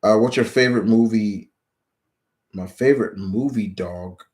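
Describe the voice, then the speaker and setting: Answering viewer questions during a casual live stream on his own channel, a man talks a little slowly in a fairly low voice. He rambles with many restarts and becomes animated whenever he retells scenes.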